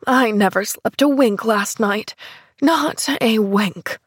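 A woman's voice: medium pitch, takes it slowly, husky, no echo. Woman voicing a sour bedridden woman. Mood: complaining. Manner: sour and dry, grudging. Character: bitter, grudging bedridden woman of forty.

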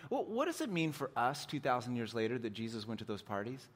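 Middle-aged man, pastor, relaxed chatty sermon with self-deprecating humor. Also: mid-range voice, quick pace. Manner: joking, conversational, self-deprecating.

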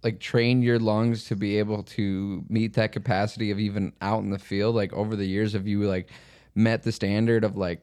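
A man's voice: on the low side, flat delivery, moderate pace, darkish tone, smooth. A man hosting a podcast, asking long, loose questions filled with "like". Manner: loose questions full of "like", laughs often. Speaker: podcast host. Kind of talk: casual interview.

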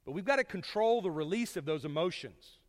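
A man preaching a sermon to his congregation, folksy and storytelling, swinging from loud to hushed. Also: high-pitched, expressive, a little fast, long reverb tail.

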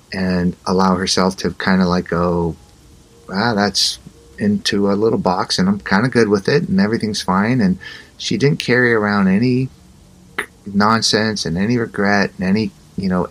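A middle-aged man, an interview guest, telling a personal story in a conversational way and acting out the dialogue with animation. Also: low-pitched. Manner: animated, acts out both sides of dialogue.

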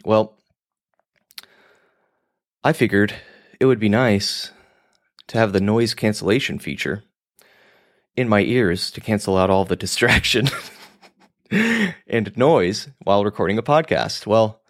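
A man's voice: fairly low pitch, lively intonation, a little slow, pauses often. A man hosting a podcast, talking in a rambling, casual monologue with some swearing, often laughing at himself. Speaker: podcast host.

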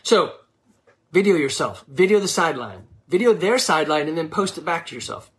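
Blunt, lively-voiced woman coach lecturing. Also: low-pitched, a little fast. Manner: scolding, emphatic, frank. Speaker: youth sports coach. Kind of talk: blunt advice monologue.

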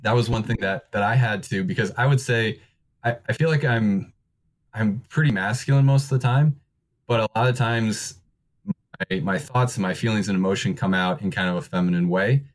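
A man's voice: fairly low pitch, moderate pace. A man talking openly and earnestly in casual podcast conversation. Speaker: podcaster, co-host.

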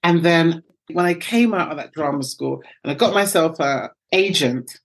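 A middle-aged British woman, a guest telling lively anecdotes and acting out the voices of the people in them. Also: low voice, normal speed, slightly rough. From United Kingdom. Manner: animated, acts out voices in her anecdotes. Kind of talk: storytelling interview.

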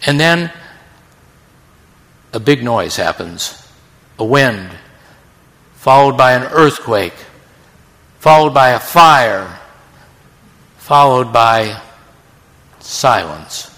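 Male preacher, slow dramatic storyteller, bright voice, large hall reverb. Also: sing-song. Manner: dramatic, storytelling delivery with sudden drops in pitch and volume. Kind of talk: sermon.

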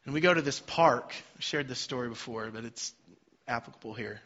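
A man's voice: medium pitch, brisk. Middle-aged male preacher, storytelling then emphatic, slightly dull recording. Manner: swings from quiet storytelling to loud emphatic preaching. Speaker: pastor. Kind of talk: sermon. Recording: slightly dull sound with faint music behind.

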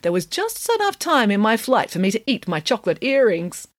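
A woman's voice: on the high side, sing-song, fairly quick, no echo, clean studio sound, voice pushed up. A woman reading as a grand, vain pig nanny. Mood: cheerful. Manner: grand, self-assured declarations. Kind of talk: storybook reading.

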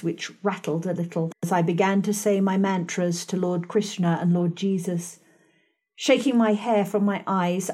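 A woman narrating a novel in the first person, with a hushed, dramatic delivery. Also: mid-range voice. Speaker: audiobook narrator.

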